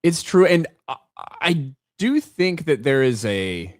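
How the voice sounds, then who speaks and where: A man's voice: on the high side, big pitch swings, slow pace, dry recording, clean studio sound. A man hosting a podcast, talking in a blunt, profane, ranting way in casual chat. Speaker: podcast host.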